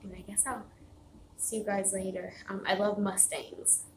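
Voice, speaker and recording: A woman's voice: medium pitch, little pitch movement, moderate pace, a little mellow. Chatty woman livestreaming from home. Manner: chatty, rambling, laughs often. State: tired, getting out of breath. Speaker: livestream host. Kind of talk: casual livestream chat. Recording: echoey room with faint noise.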